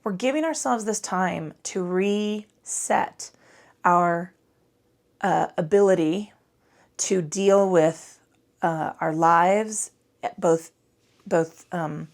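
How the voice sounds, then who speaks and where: A woman guides a relaxed yoga class into a microphone, her voice low and gravelly. She talks loosely and swears freely, drifting into asides. She sounds tired from a short night. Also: very slow, long pauses. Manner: chatty, profane, rambling asides. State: tired from little sleep. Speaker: yoga instructor.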